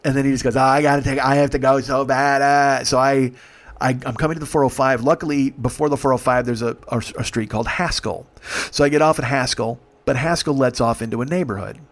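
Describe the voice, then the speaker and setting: A man's voice: medium pitch, steady tone, fairly quick. A male comedian telling a story, exasperated and swearing freely. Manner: profane, exasperated.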